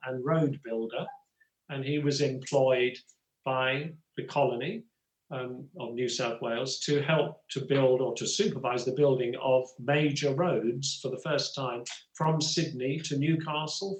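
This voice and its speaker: A man's voice: mid-range voice, echoey room, rough recording. A man in his sixties from England, an actor and writer telling stories as an interview guest, rambling with many "you know" asides. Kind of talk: relaxed storytelling conversation.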